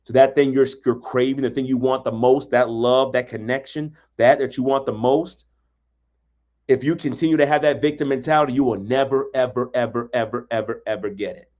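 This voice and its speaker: A man's voice: medium pitch, fairly even intonation, a little fast, darkish tone. A man giving a motivational relationship talk, emphatic and colloquial, hammering points with repetition and acting out quotes. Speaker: relationship coach.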